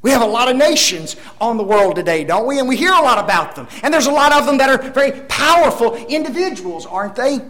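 A man preaching a sermon, emphatic, with rhetorical tag questions and dramatic swings between loud declarations and hushed asides. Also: very high-pitched, big pitch swings, fast talker, hardly any pauses. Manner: addresses the congregation as folks.

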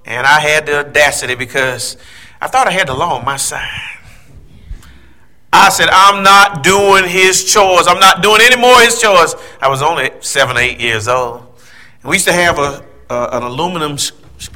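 A man in his fifties telling a personal childhood story, acting out the voices of the people in it. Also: fairly high pitch. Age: 50s. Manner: animated storyteller, acts out quoted voices.

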